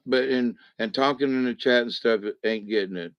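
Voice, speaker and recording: A man's voice: mid-range voice, normal speed, hardly any pauses, clean tone, no echo. A man giving a rambling, folksy spiritual lesson, acting out little voices as he goes. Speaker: spiritual teacher. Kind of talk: casual spoken lesson. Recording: dull muffled sound.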